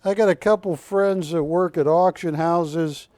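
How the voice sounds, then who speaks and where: A man's voice: fairly high pitch, steady tone, measured pace, darkish tone, no room sound. A middle-aged man hosting a live TV shopping auction, calling bids and joking as he rambles. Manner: chatty, jokey, rambling between bid calls. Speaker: auctioneer host of a shopping show. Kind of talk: live TV auction sales patter.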